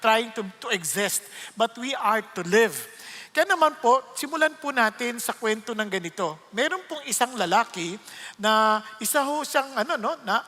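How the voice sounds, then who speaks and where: A man's voice: extremely high pitch, sharp tone, long reverb tail. A Filipino man preaching a sermon, switching between Tagalog and English in a polite, emphatic way.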